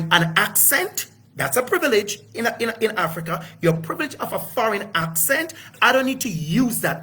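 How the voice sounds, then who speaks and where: A man's voice: sits high, bright, forceful tone, breathy edge. A middle-aged man giving an impassioned, preachy talk to camera, swearing freely and repeating lines for emphasis. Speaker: educator hosting his own video series.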